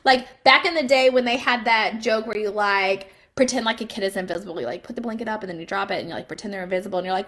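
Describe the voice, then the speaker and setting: A chatty woman in her thirties talks casually to her viewers, animated and quick to laugh. Her voice sits a bit high and sounds bright and lively. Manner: chatty and animated, laughing as she tells stories. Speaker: vlogger and mom. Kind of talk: casual chat to camera.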